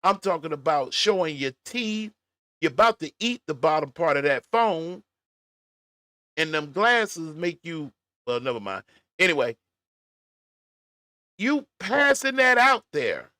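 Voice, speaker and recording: A man's voice: on the high side, lively intonation, unhurried, bright, forceful tone, no room sound. A man giving blunt, profane reaction commentary on a clip, mocking and riffing on what he watches. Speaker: commentary vlogger.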